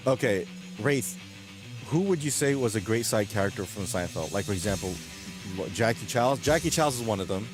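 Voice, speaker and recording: A man's voice: fairly low pitch, lively intonation, a little slow, long pauses, over music. A man live streaming late at night, chatting to his viewers in a rambling way, often chuckling as he retells jokes. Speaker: live streamer reading chat.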